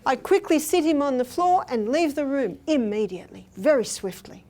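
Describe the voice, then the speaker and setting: A woman's voice: high-pitched, lively intonation, normal speed, few pauses, warm tone, slight background noise. Older woman giving a seminar talk. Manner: storytelling, acts out quoted speech. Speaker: health seminar speaker. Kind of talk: seminar talk with personal anecdotes. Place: hotel meeting room.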